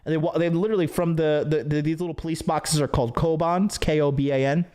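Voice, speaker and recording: A man's voice: fairly high pitch, fairly even intonation, fast talker, darkish tone, smooth. Man ranting casually on a livestream. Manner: profane, rambling storytelling with many fillers. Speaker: dating coach and stream host.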